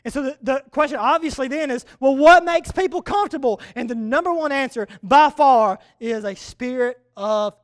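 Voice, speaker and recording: A young adult man preaching a sermon, telling stories with lively energy and repeating key words for emphasis. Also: very high voice, normal speed, hardly any pauses, no echo.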